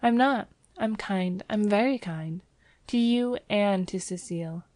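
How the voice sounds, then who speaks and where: A woman's voice: medium pitch, measured pace, darkish tone, dry recording, lightly acted. A woman voicing a teasing young Parisian woman. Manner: teasing, lightly sarcastic.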